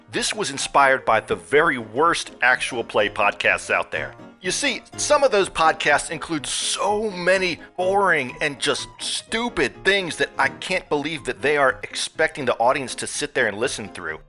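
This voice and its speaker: A man hosting a tabletop role-playing podcast, introducing it and narrating as game master in a lively, emphatic way. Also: a little high, moderate pace, few pauses, soft background music.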